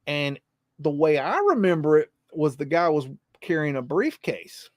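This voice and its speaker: A man's voice: fairly high pitch, sing-song, measured pace, no echo, clean studio sound. A man hosting a live podcast, talking in a rambling, repetitive way and swearing freely. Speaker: podcast host.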